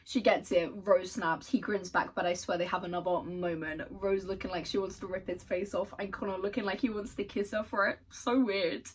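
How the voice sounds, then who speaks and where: A young woman vlogger gushes about a romance series and reads passages aloud, cursing freely. Her voice is a little breathy and sits back from the mic. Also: medium pitch, fairly even intonation, normal speed, hardly any pauses, recorded from a distance, poor audio. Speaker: book vlogger. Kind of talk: casual chat and reading aloud.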